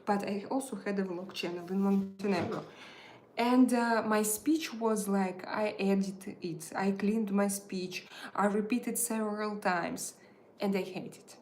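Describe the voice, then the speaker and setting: A woman's voice: mid-range voice, steady tone, unhurried, darkish tone, slight background noise. Hesitant woman live-streaming in a roomy space. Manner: hesitant, full of filler sounds, non-native phrasing. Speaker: tarot reader and channel host. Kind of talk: casual live-stream chat. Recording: roomy echo.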